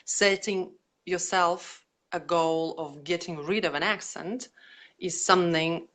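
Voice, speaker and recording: Lower-voiced woman interviewer. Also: takes it slowly, fairly bright tone. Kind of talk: interview host questions.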